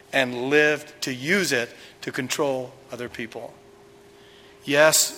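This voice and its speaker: A man's voice: on the high side, fairly bright tone, in a large hall. A male pastor preaching a sermon, retelling a story dramatically with acted quotes.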